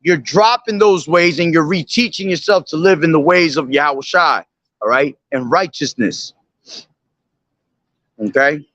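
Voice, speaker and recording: A man street preaching, reading scripture verses slowly and explaining them, checking in with repeated "okay?" and "all right?". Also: on the high side, fairly bright tone, no echo, muffled recording.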